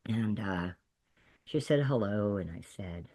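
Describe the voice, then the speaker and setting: A middle-aged woman who works as a peer counselor, telling stories to a group in a lively way and acting out the voices of the people she quotes. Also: rumbling low, slow pace. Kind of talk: storytelling talk to a peer audience.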